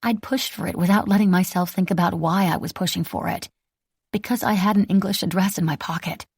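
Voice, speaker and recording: An audiobook narrator with a low, gravelly, slightly mellow voice reads a first-person novel at a brisk pace. The recording is dry and studio-clean.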